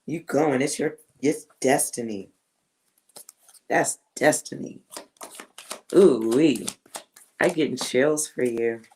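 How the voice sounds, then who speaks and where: A woman giving a live tarot reading to a viewer, blunt and slangy, often laughing, swinging between loud outbursts and hushed asides. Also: a bass voice, slow pace, pauses often, low-quality recording. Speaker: tarot reader.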